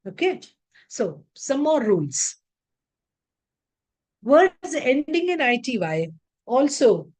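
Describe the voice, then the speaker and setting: Slow, lively woman teaching word stress. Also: fairly high pitch. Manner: slow, deliberate, reads word lists aloud. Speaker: English pronunciation teacher. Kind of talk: online lecture on word stress. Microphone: video call.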